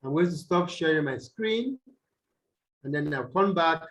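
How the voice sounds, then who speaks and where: A man tutoring students over a video call, explaining slowly and quizzing them as he goes. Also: a little high, expressive, a bit bright. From Nigeria. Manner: slow, deliberate, quizzes students. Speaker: English tutor. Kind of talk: online tutorial lesson.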